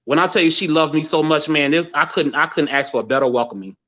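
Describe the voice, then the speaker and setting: A middle-aged man from Gary, Indiana, telling an emotional personal story as a guest, animated, with many restarts. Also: fairly high pitch, quick pace. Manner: animated, quotes relatives in a raised voice, many restarts.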